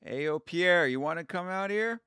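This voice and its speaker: A man's voice: high voice, expressive, moderate pace, bright, forceful tone, clean tone, no room sound. Rambling male streamer, dry close sound. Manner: rambling, self-deprecating, laughs at his own jokes. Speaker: YouTube host doing a watch-along. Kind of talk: casual live commentary. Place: at home.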